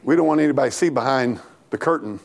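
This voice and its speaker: A man preaching an animated, folksy sermon in church, talking back and forth with the congregation and laughing along. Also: medium pitch, very fast, gravelly. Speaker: pastor.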